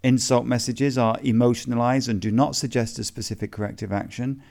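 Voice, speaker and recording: A man reading a self-help lesson aloud in a measured, methodical question-and-answer way. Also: medium pitch, fairly even intonation, creaky, a little mellow.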